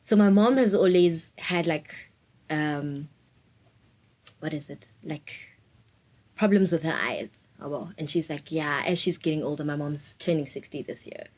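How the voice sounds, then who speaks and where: A woman's voice: low voice, a little slow, a little mellow, low-quality recording. Laughing young woman. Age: 20s. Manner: open, reflective, laughs often. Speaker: interviewee. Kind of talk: candid personal interview.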